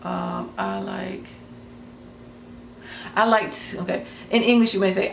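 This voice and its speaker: Woman host, rambling casual explainer, gravelly lowish voice, roomy echo with faint hiss. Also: fairly even intonation, measured pace, pauses often. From United States. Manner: rambling, hesitant, many ums and self-corrections. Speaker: craft channel host. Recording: echoey room with faint noise.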